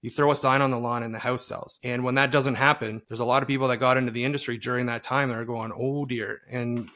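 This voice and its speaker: A man's voice: medium pitch, little pitch movement, fast talker, pushed and bright. A man co-hosting a real estate podcast, talking casually and often restarting or repeating words. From Canada. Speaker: podcast co-host, realtor. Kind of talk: casual chat.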